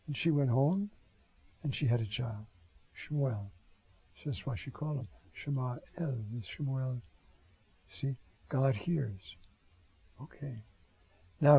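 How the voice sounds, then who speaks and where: An older priest delivers a homily on scripture, speaking slowly and unhurriedly in a gravelly, husky voice that sits a little high. He keeps it conversational, often asking "you see?" and sprinkling in Hebrew words. The dry recording sounds dull and lo-fi.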